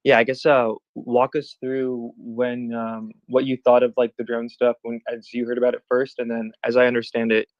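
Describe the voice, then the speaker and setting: A man's voice: mid-range voice, monotone, normal speed, hardly any pauses, no room sound. A man interviewing a guest in a casual way, with loose phrasing full of fillers. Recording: dull lo-fi sound.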